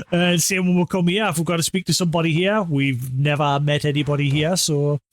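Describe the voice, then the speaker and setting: A man's voice: on the high side, steady tone, normal speed. A man casually commenting on a video game while streaming, thinking aloud and chatting. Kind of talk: casual let's play commentary.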